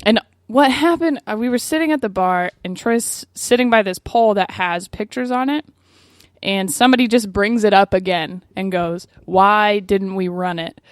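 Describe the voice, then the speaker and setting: Animated laughing woman telling a story. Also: mid-range voice, moderate pace, no room sound, clean studio sound. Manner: animated, laughs often, swears freely. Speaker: podcast co-host. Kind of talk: casual storytelling chat.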